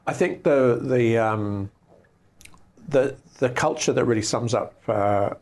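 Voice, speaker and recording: Gravelly-voiced man, enthusiastic explainer. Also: mid-range voice, takes it slowly, a little mellow. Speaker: research institute director. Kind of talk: interview answers.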